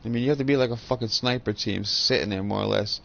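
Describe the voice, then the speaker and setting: A man's voice: fairly low pitch, quick pace, vocal fry, fairly bright tone, muffled recording, slight background noise. A man in his thirties chatting casually while gaming, a profane, rambling storyteller on a headset. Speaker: gaming channel host.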